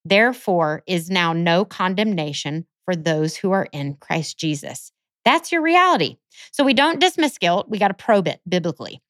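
A woman's voice: on the low side, sing-song, moderate pace, a bit bright, dry recording. A woman hosting a Christian show, teaching in an earnest, scripted way and citing scripture verses. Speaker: host of a Christian podcast. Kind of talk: scripted Bible teaching monologue.

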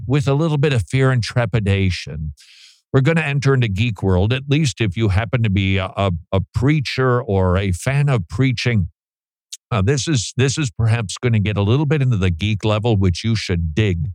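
Animated joking male radio host. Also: fairly low pitch, moderate pace, no room sound. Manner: joking, animated, laughs often. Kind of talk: casual radio monologue.

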